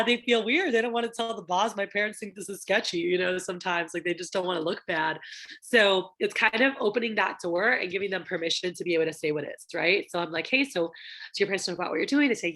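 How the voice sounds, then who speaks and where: A woman's voice: on the low side, a bit bright. A young woman training managers in a casual, chatty way, filling her talk with ums and acting out the conversations she describes. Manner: chatty, many fillers, acts out quoted dialogue. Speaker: sales division trainer.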